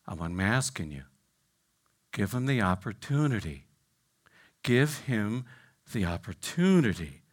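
A man preaching in a lively, dramatic way, with his voice rising and falling widely. He drops from loud exclamations to hushed near-whispers and keeps checking in with his listeners. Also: on the low side. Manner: repeats "right?" and "I mean" to engage listeners. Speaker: pastor. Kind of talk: sermon.

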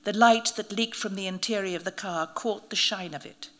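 A woman narrating a first-person audiobook at a mid-range pitch. Her reading is measured and vivid, with scripted, steady storytelling.

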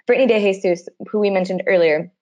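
A woman hosting a casual podcast chat with a mid-pitched voice. She gushes as she speaks and keeps an animated, heartfelt tone. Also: quick pace, highs cut off. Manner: gushing, warm-hearted and animated. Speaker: podcast host.

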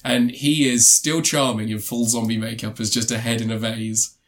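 A man's voice: mid-range voice, level tone, moderate pace. Rambling man reviewing a TV series. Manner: rambling, frequent ums and restarts. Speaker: podcast co-host reviewing TV. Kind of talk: casual review chat.

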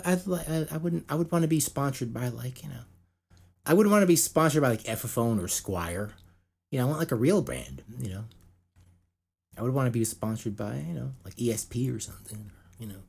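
A man's voice: mid-range voice, vocal fry, a little mellow, breathy edge. A man co-hosting a podcast in casual chat, rambling with lots of fillers and restarts. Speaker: podcast co-host.

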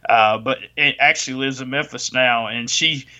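A man's voice: mid-range voice, fairly even intonation, moderate pace, pushed and bright. A middle-aged man with a Southern US accent, chatting casually and rambling with frequent restarts. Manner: rambling, self-correcting. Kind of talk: casual chat. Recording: dull lo-fi audio.

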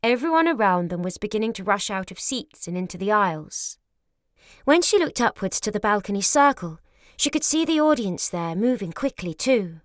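A woman narrating an audiobook in a measured, clear storytelling manner. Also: medium pitch, big pitch swings, no echo, clean studio sound.

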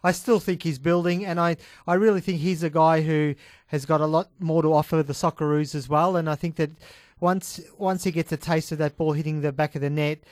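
A man weighs in on a sports talk radio show with calm, measured analysis. His voice sits a little high. The sound is dry and close. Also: dry recording. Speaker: co-host.

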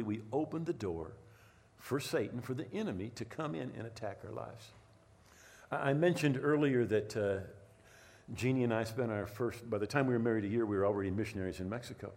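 A middle-aged man preaching a sermon, telling a personal story with lively asides and frequent "right?" checks. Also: mid-range voice, a little fast. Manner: animated storytelling, repeats words, asks "right?". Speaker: pastor.

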